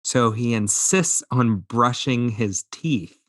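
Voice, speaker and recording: A man's voice: mid-range voice, slow, fairly bright tone, no room sound, studio quality. A man in his thirties co-hosting a podcast, telling a family story in casual chat, acting out his toddler and laughing as he goes. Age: 30s. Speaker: podcast co-host.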